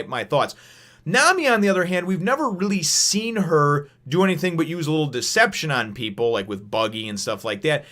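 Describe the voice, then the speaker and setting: A man hosting a casual review channel, rambling with lots of fillers and acting out characters' lines in an animated way. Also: medium pitch. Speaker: manga review channel host.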